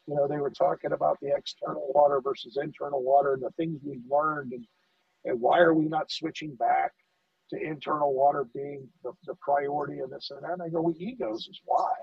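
Guy, middle-aged, gravelly, tells stories and acts out the back-and-forth, dull far-off mic. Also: on the high side, a little fast, dry recording. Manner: animated storyteller, acts out quoted dialogue, repeats words. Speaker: fire lieutenant guest. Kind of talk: casual podcast conversation. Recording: dull dry audio, off-mic.

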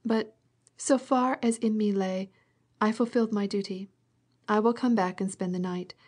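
A woman's voice: medium pitch, steady tone, moderate pace, darkish tone, husky, pitched above the performer's own voice, close to an everyday voice. A woman voicing a tearful, fretful older noblewoman who speaks in pleading, breathless exclamations.

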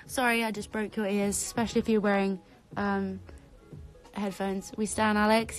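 A young woman from the UK chatting on a phone livestream, bubbly and excitable, reading out viewers' comments. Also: mid-range voice, normal speed, faint music behind. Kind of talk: casual live stream chat.

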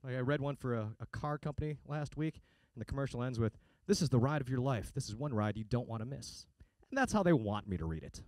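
A man's voice: medium pitch, expressive, fast, darkish tone, dry recording. Sarcastic stand-up comedian man, dry mic. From United States. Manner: sarcastic, punchy delivery with put-on voices.

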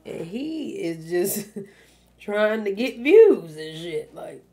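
A woman's voice: mid-range voice, big pitch swings, takes it slowly, dark tone. A woman hosting a reaction video, giving candid, profane commentary with lots of fillers. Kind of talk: casual commentary on a clip.

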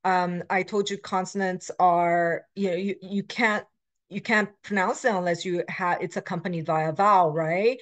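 This middle-aged Korean language instructor, heard in a recorded lecture, has a lowish voice and a steady tone. Her explanations come haltingly, peppered with ums, uhs, and self-corrections, and she alternates between English and Korean examples.

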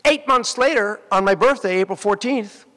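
A man, an actor, giving a graduation speech and telling animated stories straight to the graduates at the ceremony. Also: high-pitched, normal speed. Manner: animated storytelling, addressing graduates directly. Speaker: commencement speaker. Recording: long hall reverb.

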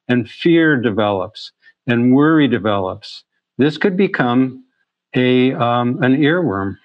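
Man, physician giving a lecture, earnest storytelling, restarts phrases, middle pitch, somewhat dull recording. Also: animated, moderate pace, dry recording. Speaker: pain medicine physician. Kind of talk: presentation.

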